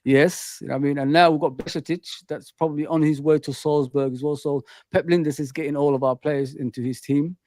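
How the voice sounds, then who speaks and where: A man's voice: fairly high pitch, steady tone, brisk, few pauses, dark tone, slight background noise. A man hosting a casual football chat, talking loosely with lots of "man" and "bro". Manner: chatty, says "man" and "bro" a lot. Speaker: host.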